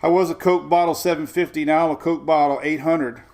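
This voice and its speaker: Chatty excitable man with a gravelly voice. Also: fairly high pitch, a little fast. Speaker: weather show host. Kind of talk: casual live-stream chat.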